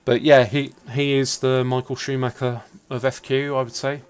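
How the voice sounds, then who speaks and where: A man's voice: mid-range voice, little pitch movement, moderate pace, smooth. A man from England commentating a sim racing league in a chatty, cheeky way. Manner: chatty, cheeky, calls laps as they happen.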